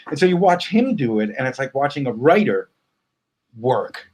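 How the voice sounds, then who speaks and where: Man, interview guest, mid-pitched voice, halting and reflective, lots of fillers. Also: animated, a little mellow. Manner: thoughtful, halting, many fillers and restarts. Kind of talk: casual interview conversation.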